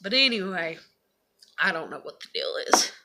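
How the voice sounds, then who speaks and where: A woman with a lowish voice and lively intonation talks at normal speed to camera in a confessional vlog, with a lot of background noise. This vlogger rambles, swears, and fills her speech with fillers.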